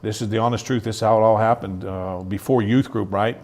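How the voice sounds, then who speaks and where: This is a man who is a middle-aged interview guest telling his own story with plain sincerity. His voice sits somewhat low, and he acts out the lines of the people he quotes. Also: fairly even intonation, fairly quick, a little mellow. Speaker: guest, youth ministry founder. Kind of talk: personal testimony in an interview.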